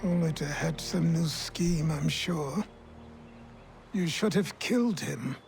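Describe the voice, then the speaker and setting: A gravelly old mentor. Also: male voice, on the high side, a little mellow. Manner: slow, grave and reproachful. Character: stern old male mentor, gruff and doubting. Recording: distant voice over game music.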